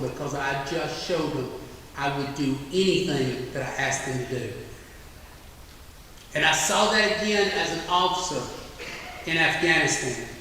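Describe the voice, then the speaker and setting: A middle-aged man tells war stories in a plainspoken, anecdotal way, his voice a touch high for a man. He speaks from a distance across a large hall, with long reverb and a faint hum behind him. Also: bright, forceful tone. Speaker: military veteran guest speaker. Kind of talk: storytelling speech. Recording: echoey hall from far off.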